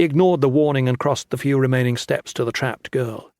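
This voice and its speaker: A man narrating a fantasy audiobook with steady, dramatic storytelling on a close studio mic. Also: mid-range voice, a little fast, no room sound.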